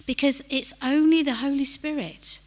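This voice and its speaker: A woman's voice: high voice, moderate pace. A middle-aged woman preaching a sermon, telling a personal story in an earnest, self-deprecating way.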